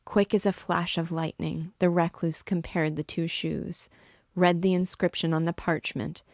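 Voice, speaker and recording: A woman reads a classic novel aloud in a low, unhurried voice. Her storytelling is measured and expressive, with a dry, close sound and no room echo. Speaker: book reader and guide. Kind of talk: literary read-aloud narration.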